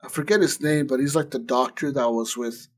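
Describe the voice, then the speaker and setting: Talking a little quickly, a male podcast co-host rambles through a long tale in easygoing conversation. His voice is middle-pitched, and he keeps layering fillers like "like" with profanity as he acts out what others said.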